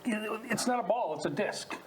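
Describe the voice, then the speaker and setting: A man's voice: high-pitched, expressive, normal speed, noisy background. A man performing an improvised comedy scene, often stumbling and repeating words. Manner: stammering, restarts words. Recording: roomy stage.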